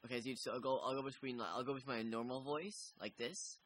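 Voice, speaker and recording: A man's voice: medium pitch, fairly even intonation, fast, fairly bright tone. A young man casually messing around with a friend, rambling, giggling and swearing. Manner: rambling, giggly and crude, with many fillers.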